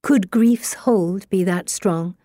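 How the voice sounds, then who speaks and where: A woman narrating a story in the first person, in a measured way. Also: mid-range voice, warm tone, dry recording, studio quality. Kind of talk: audiobook narration.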